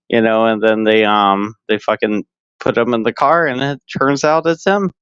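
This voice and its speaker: A man's voice: medium pitch, moderate pace, clear, resonant tone, no room sound. A man streaming casually, rambling crudely with lots of fillers and frequent laughs. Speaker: live streamer. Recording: dull lo-fi stream audio.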